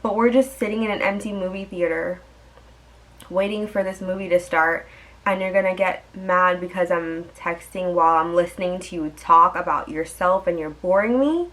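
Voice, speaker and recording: A woman's voice: on the low side, normal speed, fairly bright tone, low-quality recording. Chatty young woman telling a story. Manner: chatty, exasperated storytelling with frequent fillers. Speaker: vlogger. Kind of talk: storytime vlog.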